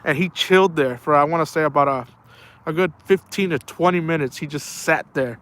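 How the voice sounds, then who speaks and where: A man's voice: on the high side, brisk, a bit bright. A man chatting casually on a live stream while night fishing, rambling through stories and calling listeners man and bro. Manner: rambling, storytelling, says man and bro a lot. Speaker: outdoors streamer. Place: outdoors at night near water.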